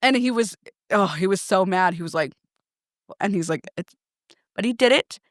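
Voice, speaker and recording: A woman co-hosting a podcast, telling a story in a lively way and laughing often. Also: medium pitch, moderate pace, no echo, clean studio sound. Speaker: podcast co-host. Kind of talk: casual chat.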